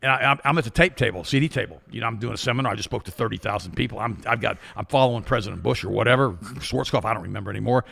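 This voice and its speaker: An older man co-hosting a health talk show, telling stories in a casual, animated way and acting out the people he quotes. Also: on the low side, racing, gravelly, hardly any pauses, slightly rough. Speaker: co-host. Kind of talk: casual storytelling chat.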